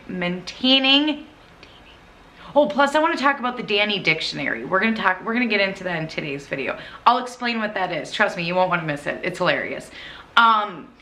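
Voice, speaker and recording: A woman's voice: medium pitch, pushed and bright. A woman with a Minnesota accent, hosting a cleaning vlog and rambling eagerly to camera, often correcting herself. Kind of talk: chatty video intro to camera.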